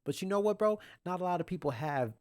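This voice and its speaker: A young man hosting a podcast, telling a story in a casual, profane rant, saying "bro" constantly and breaking into animated outbursts. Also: sits high, fast, smooth, no echo, clean studio sound. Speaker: podcast host.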